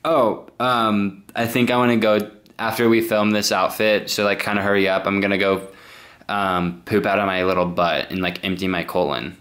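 A man's voice: lowish voice, little pitch movement, normal speed, fairly bright tone. A young man chatting with a friend at home, teasing and blunt. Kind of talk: casual chat. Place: home room.

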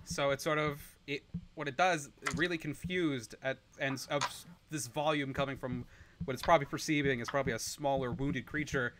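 A man's voice: mid-range voice, fairly even intonation, brisk, a bit bright, a little hiss or hum. A man acting as dungeon master, easygoing and prompting the players with questions as he narrates the game.

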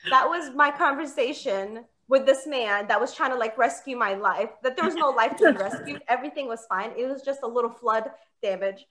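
A woman in her thirties works a comedy club crowd, her voice bright and cutting, pitched a little high. She tells stories about herself and jumps into the quoted voices of the people in them. It sounds like a stage mic in front of a live room. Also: brisk, hardly any pauses. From Palestinian American. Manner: chatty, self-mocking, acts out quoted dialogue. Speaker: stand-up comedian. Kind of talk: stand-up comedy set.

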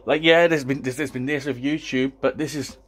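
A man, out of breath and excited, rambling through a casual vlog announcement as a YouTuber. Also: medium pitch, brisk. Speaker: YouTuber and podcast host.

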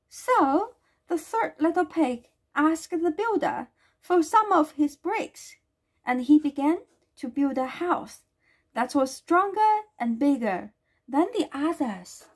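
A woman reading a children's storybook aloud in a gentle way, with small slips and restarts. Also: sits high, sing-song, slow pace.

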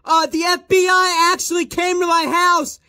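Guy doing a squeaky hyper kid youtuber voice, super high, flat, shrill and bright. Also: normal speed, heavily acted. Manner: shrill, overexcited.

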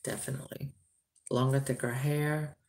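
A woman reviewing a doll in a chatty, rambling vlog, turning sharp when she scolds someone. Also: very deep voice, level tone, moderate pace.

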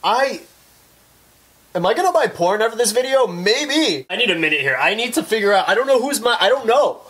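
A young man in a casual vlog, talking in an excitable, animated way and swearing often. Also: high voice, brisk, slightly rough. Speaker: YouTuber.

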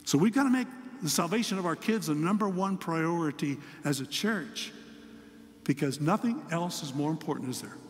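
Here the older pastor's voice is a little high and animated, moving at normal speed, with a long reverb tail behind it. He tells a story about his grandson in a church-sanctuary sermon, voicing the child's quoted words.

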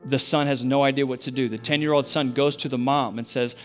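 A man's voice: medium pitch, little pitch movement, brisk, few pauses, soft background music. A male pastor preaching a sermon in a church, telling a story in an earnest, emphatic way with much repetition.

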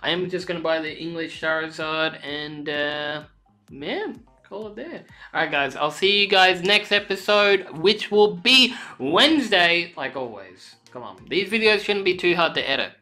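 Low-pitched excitable woman vlogger. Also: moderate pace, few pauses, faint music behind. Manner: excitable, swears freely, sudden high squeals. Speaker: card-opening vlogger. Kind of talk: casual unboxing chat.

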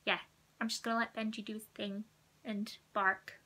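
Chatty young woman with a bright voice. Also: mid-range voice, level tone, moderate pace. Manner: chatty and rambling, with asides and self-corrections. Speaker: beauty vlogger. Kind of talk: casual chat.

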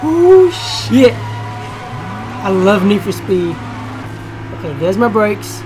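A young woman commentating a racing game from her college dorm room. She keeps her voice quiet but breaks into profane, excitable outbursts. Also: mid-range voice, drawn-out words, over music. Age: young adult. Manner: talking quietly. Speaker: gaming YouTuber. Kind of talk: gameplay commentary.

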